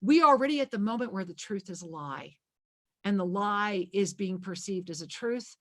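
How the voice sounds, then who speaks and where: A woman's voice: mid-range voice, lively intonation, moderate pace, fairly bright tone. A woman hosting a spiritual talk radio show, speaking emphatically and repeating key phrases.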